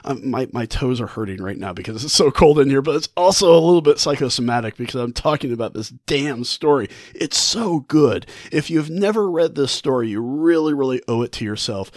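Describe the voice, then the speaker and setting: A man casually retelling a classic short story with animated energy, laughing often and restarting his phrases. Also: medium pitch, a little fast, hardly any pauses, no room sound, studio quality. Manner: animated, retells the story with mock-quoted thoughts. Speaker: book vlogger. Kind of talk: casual book discussion.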